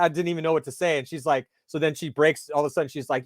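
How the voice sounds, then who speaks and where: Man, interview host, casual and animated storyteller, dry close sound. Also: fairly high pitch, very fast, hardly any pauses, no echo. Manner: animated storyteller acting out dialogue.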